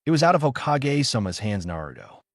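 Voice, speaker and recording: A man voicing a measured, reluctant middle-aged male interrogator. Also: medium pitch, sing-song, no echo, studio quality, pitched above the performer's own voice, lightly acted.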